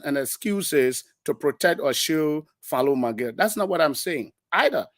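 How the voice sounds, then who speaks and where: A man's voice: on the high side, a bit bright, no echo, studio quality. A man, a lawmaker defending his position on a political talk show, speaking emphatically and restarting his sentences.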